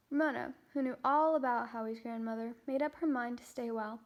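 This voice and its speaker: High-voiced teenage girl reading aloud. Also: brisk, few pauses. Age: teens. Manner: steady reading with small slips and restarts. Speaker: children's book reader. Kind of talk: reading a chapter book aloud.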